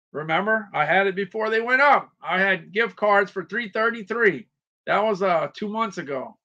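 A man's voice: sits high, bright, forceful tone, highs cut off. A man hosting a casual livestream, rambling, repeating himself and greeting viewers by name. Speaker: livestream shopping host.

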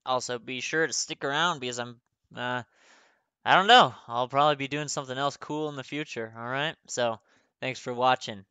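A man's voice: medium pitch, normal speed, pushed and bright, clear, resonant tone, dry recording. A young man playing a horror game, panicking, screaming and swearing, then signing off with jokes. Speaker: gaming YouTuber. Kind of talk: horror game let's play commentary.

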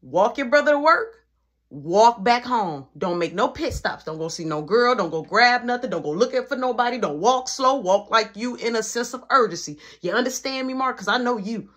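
A strict, no-nonsense mother, as a storyteller puts her on, gives commands in a firm voice. Every order comes short and fast, one after another. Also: extremely high pitch, animated, a bit bright, full character voice. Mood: stern orders.

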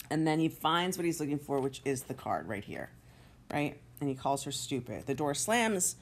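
A woman with a low, grounded voice walks her class through a play scene by scene. She explains as she goes and reads the characters' lines aloud with feeling. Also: lively intonation, moderate pace. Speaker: teacher. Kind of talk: literature lesson walkthrough.

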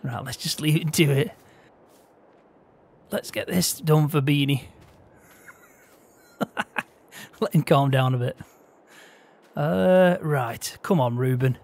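A man's voice: fairly high pitch, takes it slowly, creaky, pauses often. British man in farming-game roleplay. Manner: laughs easily, coaxing gently with the horse. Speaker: roleplay gamer and host.

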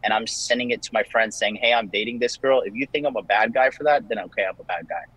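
A man's voice: fairly low pitch, quick pace, a bit bright, husky, dry recording, low-quality recording. A young man, a dating coach, talking casually and defensively with many restarts. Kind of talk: casual call-in conversation.

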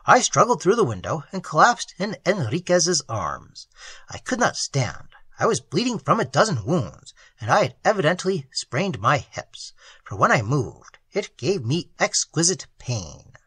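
A man narrating a story in an animated, expressive way. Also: a little high, a little slow, breathy edge, no echo. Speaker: audiobook narrator.

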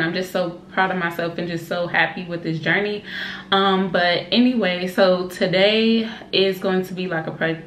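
Indoors at home, a young vlogger and mother of an infant chats eagerly to her camera, addressing her audience as y'all in a fairly low-pitched voice. The camera is placed nearby and moved while she talks, and the roomy room carries faint background noise.

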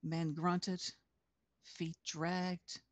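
Woman slowly reading her novel aloud. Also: on the low side, flat delivery, no echo, highs cut off. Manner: measured, deliberate. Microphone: video call.

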